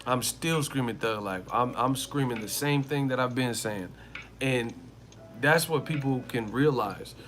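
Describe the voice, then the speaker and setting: A man's voice: mid-range voice, a little slow, a bit bright, faint music behind. Slangy, emphatic man ranting on a stream. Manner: slangy, emphatic, repeats himself. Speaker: boxing commentary channel host. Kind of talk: casual live-stream commentary.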